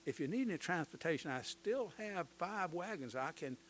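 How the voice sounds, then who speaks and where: A man voicing an eager, ingratiating Southern townsman, speaking in a slow, fawning drawl with a Southern US accent. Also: fairly high pitch, lively intonation, a bit bright.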